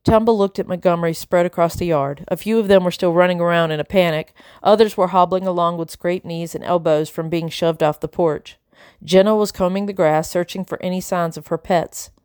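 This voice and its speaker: A woman reads a chapter book aloud in an even, steady narrating voice. Her voice sits on the lower side for a woman. The recording is close and dry, with no room sound. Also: fairly quick, clean tone, no echo. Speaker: audiobook narrator. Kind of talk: storybook narration.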